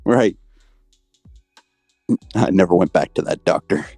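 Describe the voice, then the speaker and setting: A man co-hosting a casual chat, telling a story in a hesitant, deadpan way. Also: low voice, a little slow, creaky, slightly rough, no echo, faint music behind. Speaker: co-host.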